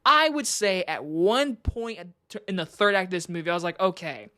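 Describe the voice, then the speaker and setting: A woman's voice: mid-range voice, expressive, moderate pace, sharp tone. A woman reviewing a film in a loose, chatty way. She sounds eager and enthusiastic, and keeps dropping in "like" as she talks. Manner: chatty, enthusiastic, heavy use of "like". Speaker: movie reviewer. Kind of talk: casual spoken movie review.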